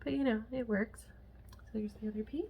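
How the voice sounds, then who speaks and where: A woman's voice: a little high, brisk, muffled recording, a little hiss or hum. A woman chatting casually to camera at home as a cross-stitch vlogger, rambling with frequent laughs and asides.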